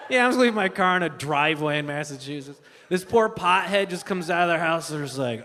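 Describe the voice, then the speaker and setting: A man doing stand-up comedy, telling a family story with animated delivery and acting out relatives. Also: on the high side, a little fast, hardly any pauses. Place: live comedy stage. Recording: live stage with long reverb and faint noise.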